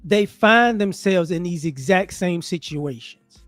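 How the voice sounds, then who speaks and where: A man giving casual monologue commentary as an online commentator, animated and rhetorical, often restarting his sentences. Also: sits high, a little slow, no room sound, faint music behind.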